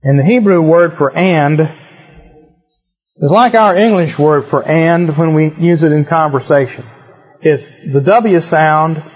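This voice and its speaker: A man's voice: a little high, a little mellow, slightly rough. A man teaching a Bible class in an explanatory, conversational way, in a muffled lo-fi recording.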